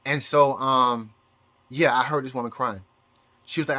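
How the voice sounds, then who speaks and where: A man talking to his channel in a rambling personal monologue, halting and full of restarts, close to tears. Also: mid-range voice, steady tone, sharp tone. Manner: halting, with many repeated words and restarts. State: emotional, near tears. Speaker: astrology YouTuber.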